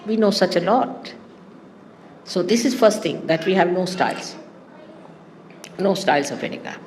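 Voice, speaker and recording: A woman giving a spiritual talk to her followers in an animated, teasing way, often laughing. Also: fairly low pitch, normal speed, big-room sound, a little hiss or hum. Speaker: spiritual teacher.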